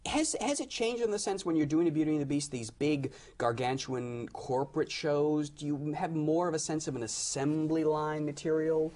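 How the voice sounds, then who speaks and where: A man hosting a studio interview, asking probing, quick questions. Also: on the high side, darkish tone. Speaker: talk show host.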